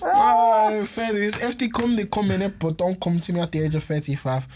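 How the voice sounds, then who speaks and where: A man's voice: high-pitched, lively intonation, fast, background noise. Laughing young man, slangy chat. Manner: laughs often, slangy banter. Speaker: podcast co-host. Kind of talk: casual chat.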